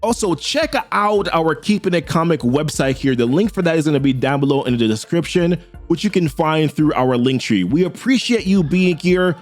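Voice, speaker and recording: A man hosting a casual comic book recap in an animated, chatty way, with slangy asides. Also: fairly high pitch, normal speed, faint music behind.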